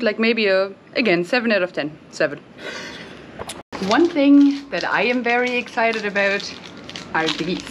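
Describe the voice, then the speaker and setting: A woman's voice: mid-range voice, noisy background. A young woman co-hosting a casual vlog, chatty and playful as she tastes snacks and gives them ratings. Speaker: vlog co-host.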